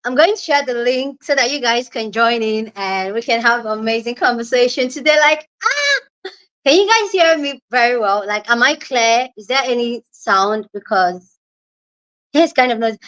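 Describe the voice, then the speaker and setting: A woman's voice: on the high side, normal speed, a bit bright, highs cut off. A young woman with a Nigerian accent hosting a casual livestream chat from home, bubbly and laughing often as she greets viewers. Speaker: livestream host.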